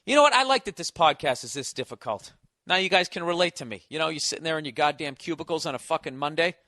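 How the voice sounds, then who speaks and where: A man's voice: fairly high pitch, lively intonation, fast talker, pushed and bright, dry recording, clean studio sound. An American man hosting a podcast in a sarcastic, profane comedic rant, mocking and swearing freely. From United States. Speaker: podcast host. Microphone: studio podcast mic.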